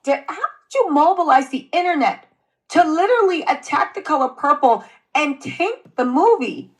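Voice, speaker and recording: A woman co-hosting a comedic commentary, asking sarcastic, animated questions. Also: sits high, normal speed. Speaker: co-host.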